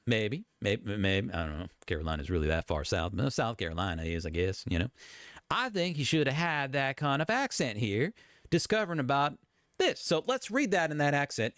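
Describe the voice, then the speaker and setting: A man giving casual reaction commentary as a YouTube commentator, chatty and animated. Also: lowish voice, no echo, studio quality. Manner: animated, chatty, breaking into laughs and voices.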